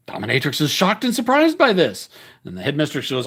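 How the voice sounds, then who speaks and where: Man hosting a tabletop wrestling game, jokey announcer patter, slightly high, very animated pitch. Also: brisk, husky. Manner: chuckling, self-correcting, jokey ring-announcer patter. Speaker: game host and commentator. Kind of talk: playful solo tabletop wrestling game commentary.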